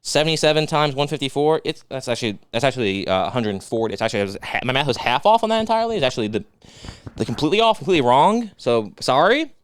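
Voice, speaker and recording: A man co-hosting a casual comedy podcast, ranting fast and profanely in mock anger. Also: medium pitch, very animated, clear, resonant tone, no echo. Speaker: podcast co-host.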